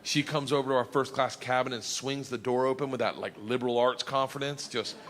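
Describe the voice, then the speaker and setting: On a spacious stage with audience noise around him, a male comedian does stand-up storytelling in a mid-range voice at a brisk pace. He's loud and excitable, cursing as he works himself up to shouting.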